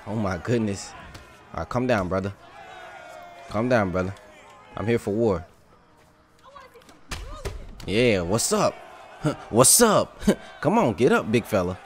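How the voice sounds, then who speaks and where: Young male gamer, casual play-by-play, lively pitch, loud bursts of trash talk. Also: slow pace, long pauses, a faint crowd, slight background noise. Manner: excitable trash talk, shouting and laughing at the game. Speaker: gaming YouTuber. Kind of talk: casual live gameplay commentary.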